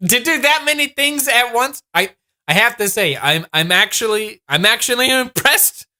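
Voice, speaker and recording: Sarcastic man with a very bright voice. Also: extremely high pitch, expressive, moderate pace. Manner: sarcastic, exasperated, laughing at what he watches. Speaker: YouTube commentator. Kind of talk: comedic reaction commentary.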